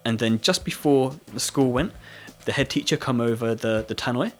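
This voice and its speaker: A young British man with a husky voice, casually telling a school story with lots of "like" fillers and laughter. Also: mid-range voice, normal speed, soft background music. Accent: British English. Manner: rambling storytelling with frequent "like" fillers, laughing often. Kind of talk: casual chat.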